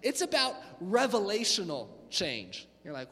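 Male youth pastor, high voice, lively casual preaching, long hall echo. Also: moderate pace. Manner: energetic, conversational, acts out voices. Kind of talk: youth sermon. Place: church hall.

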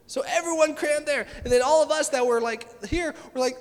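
A youth pastor preaching a sermon in an animated way, acting out the voices of people he quotes. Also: extremely high pitch, moderate pace, in a large hall.

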